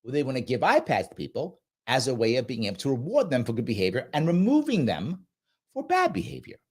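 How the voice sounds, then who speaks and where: Here a man reacts to a clip on his live reaction show, speaking fast in a mid-range, slightly rough voice. He comments with animated emphasis, says things over and over, and does voices for the people he quotes.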